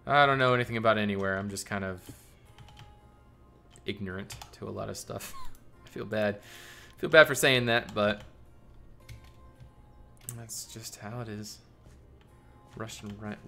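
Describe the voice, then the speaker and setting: A man on a live stream chats loosely with his viewers, rambling and thinking out loud, often breaking into laughs. His voice sits fairly low but rings bright and forceful. Quiet music plays faintly in the background. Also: vocal fry.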